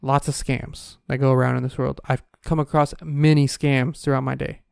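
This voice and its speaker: A man in his twenties telling a story in a casual, profane, animated rant. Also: medium pitch, moderate pace, gravelly, clear, resonant tone, dry recording, studio quality. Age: 20s.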